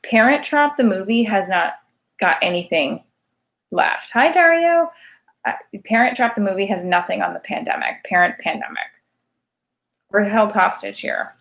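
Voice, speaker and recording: A woman's voice: medium pitch, expressive, moderate pace, fairly bright tone. Tired chatty woman hosting a livestream. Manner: chatty, self-deprecating, tired. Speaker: show host. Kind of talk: casual late-night livestream chat.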